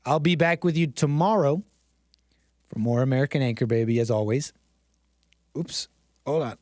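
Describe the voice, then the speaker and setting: A man's voice: medium pitch, normal speed, darkish tone, no room sound, studio quality. A man hosting a live-streamed commentary show, talking in a theatrical, mock-dramatic way and repeating phrases for effect.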